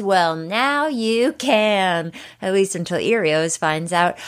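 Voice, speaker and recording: A woman in her thirties hosts a comic podcast in a mid-pitched voice. She talks in an upbeat, confiding, chatty way, sharing personal updates with her listeners. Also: fairly bright tone. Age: 30s. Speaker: podcast host.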